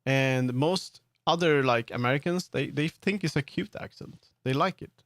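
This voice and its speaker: A man's voice: mid-range voice, moderate pace, a bit bright, no room sound, studio quality. A man with a Swedish accent, streaming and chatting casually as he builds in 3D, rambling with many fillers and restarts. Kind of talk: casual live-stream commentary while working in 3D.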